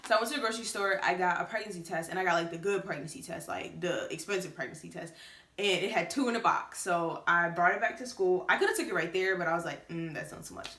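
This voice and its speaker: A woman's voice: on the low side, fast talker, sharp tone, reverberant. A late-teen woman telling a personal story to the camera, chatty and casual with many fillers. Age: late teens. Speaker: vlogger.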